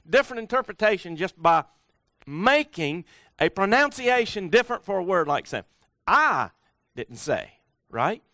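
A middle-aged man giving a folksy, animated motivational talk at a workshop, full of rhetorical questions. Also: sits high, dry recording, clean studio sound. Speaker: speaker at a workshop.

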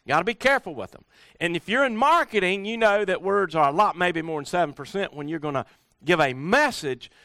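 A middle-aged man giving a folksy, animated motivational talk at a workshop, full of rhetorical questions. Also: a little high, no echo, clean studio sound. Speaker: speaker at a workshop.

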